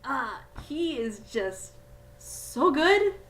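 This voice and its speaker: A woman with a bright, sharp voice joins an anime chat from some distance off the mic. She talks bluntly, laughs easily and swears often. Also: high-pitched, big pitch swings, extremely slow. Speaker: co-host. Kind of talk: casual chat.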